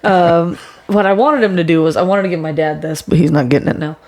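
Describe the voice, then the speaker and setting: A woman's voice: fairly low pitch, fast, a little mellow. A woman co-hosting a podcast in casual chat, jumping in to finish her partner's sentences and swearing casually. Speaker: podcast co-host.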